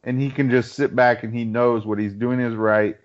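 A man's voice: medium pitch, steady tone, moderate pace. A man in a casual podcast chat, thoughtful and hedging as he explains his view at length. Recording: dull lo-fi sound.

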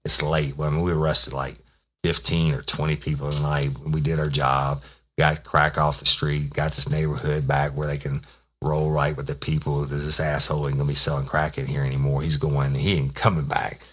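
Middle-aged ex-cop host, very low voice, folksy and foul-mouthed storytelling. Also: male voice, flat delivery, fairly quick. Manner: profane, rambling, folksy. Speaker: podcast host, former police officer telling stories. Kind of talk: casual storytelling.

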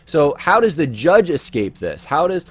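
A man's voice: fairly high pitch, sing-song, normal speed. A man giving casual video commentary to his audience, earnest and thinking aloud with repeated words.

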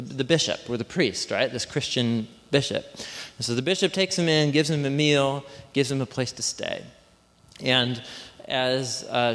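A man's voice: mid-range voice, fairly bright tone. A man preaching a sermon in a conversational, joking way, often restarting his sentences. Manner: conversational, self-interrupting, joking with the room. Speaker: pastor. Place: church hall. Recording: reverberant hall.

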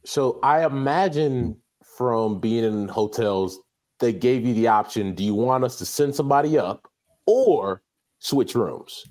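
A man's voice: mid-range voice, animated, measured pace, darkish tone. A man co-hosting a podcast in casual chat, speaking emphatically. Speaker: podcast co-host.

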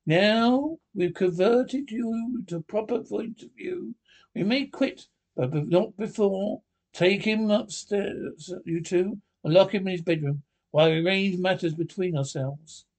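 Man reading as a grave, commanding old badger in a storybook, raised gravelly pitch. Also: unhurried, a little mellow. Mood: stern. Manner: lecturing, firm. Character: stern elderly male badger, grave and commanding.

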